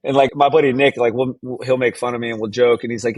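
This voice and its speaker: A man talking as a guest in a casual interview, slangy and animated, with lots of filler words and casual swearing. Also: medium pitch, fast, few pauses, noisy background. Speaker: guest, entrepreneur and speaker.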